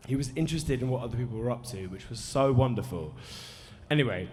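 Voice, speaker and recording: A man's voice: medium pitch, animated, quick pace, a little mellow, a little hiss or hum. A nervous man in his thirties rambles through a sweary, self-mocking story for a live audience. His voice rings out in a cinema hall with a long reverb tail. A faint murmur of the room sits underneath. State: nervous, dry mouth. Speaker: musician introducing a film screening.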